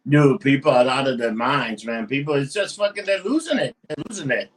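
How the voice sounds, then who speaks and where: A man's voice: mid-range voice, expressive, fairly quick, far from the mic, slight background noise. A man with a New York accent co-hosting a podcast, in brash, crude, casual banter that is full of swearing and laughs. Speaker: podcast co-host.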